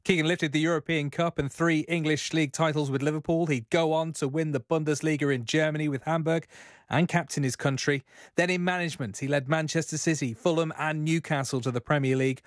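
A man presenting a sports news programme, reading a scripted tribute in a measured, sombre way. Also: on the high side, steady tone, no room sound, studio quality.

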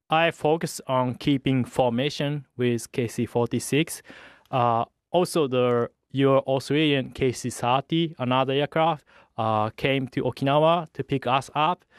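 A young man from Japan with a Japanese accent, a fighter pilot speaking English haltingly with many pauses in a radio interview. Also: medium pitch, clear, resonant tone, no room sound, studio quality. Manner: hesitant, halting English with many uhs and light laughs.

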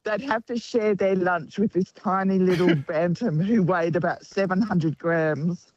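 A woman's voice: fairly low pitch, a little slow, no room sound. Woman, radio co-host, teasing storyteller, dry and slightly dull sound. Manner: warm storyteller, teasing, laughs often. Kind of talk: casual talkback radio chat.

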